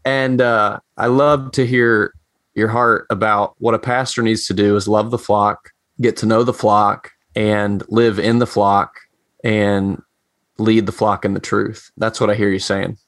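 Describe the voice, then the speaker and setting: A man, a pastor, responds in a warm-hearted, affirming conversational tone with a lowish voice. His recording is close and completely dry, with no room sound around it. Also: level tone, measured pace, no room sound. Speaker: pastor and co-host. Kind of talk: casual conversation.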